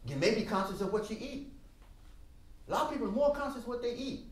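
An older man teaching a music masterclass, animated and emphatic, singing out rhythms with drum sounds in a classroom. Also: very high voice, fast talker. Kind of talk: masterclass lecture. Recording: roomy sound from a distant mic.

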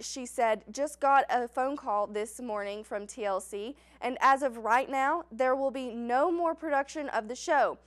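A woman anchors the news desk, reading her scripted stories in an even, measured way. Her voice sits fairly high for a woman.

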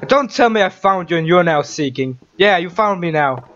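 A man's voice: sits high, expressive, moderate pace, fairly bright tone, dull audio, slight background noise. A man hosting a horror let's-play, jumpy and swearing as he talks to the game character. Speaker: gaming channel host.

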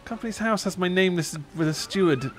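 Man, british accent, jokey gaming banter, slightly high pitch. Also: fairly quick, faint music behind. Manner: jokey, laughing. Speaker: streamer.

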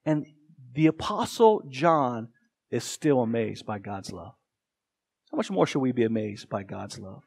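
Earnest and emphatic, this American man preaches as a pastor, acting out quotations with dramatic voices. His mid-range voice is gravelly, husky and darkish in tone, swinging widely in pitch at a measured pace.

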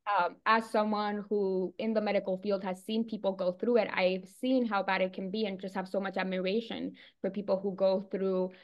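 A woman's voice: medium pitch, flat delivery, normal speed, hardly any pauses. A woman hosting a chat, speaking admiringly and encouragingly. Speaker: host. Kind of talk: casual chat. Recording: dull lo-fi audio.

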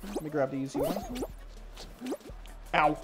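A woman streaming a party game, giving excited play-by-play and yelling at every win and fall. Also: sits low, measured pace. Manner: excitable, shrieks and yells at wins and falls. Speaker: gaming streamer. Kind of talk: excited let's-play commentary. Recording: game music behind the voice.

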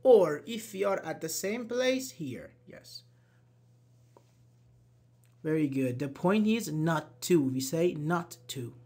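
An online English teacher giving a live grammar lesson, slowly repeating example sentences and answering chat. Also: mid-range voice, expressive, a little mellow. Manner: slow, repeats examples, apologizes and laughs at own slips.

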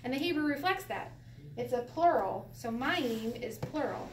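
A woman's voice: high-pitched, normal speed. A woman teaching a Bible Hebrew class in an easygoing way, laughing often and asking her listeners questions. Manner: lively, laughs often, explains with rhetorical questions. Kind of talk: informal Bible class lesson. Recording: roomy echo from a distance, faint background noise.

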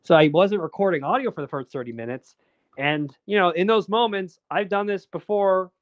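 This is a high-voiced man speaking at a normal speed, a documentary filmmaker who rambles casually as an interview guest, full of fillers and false starts. The sound is dull and carries no room sound.

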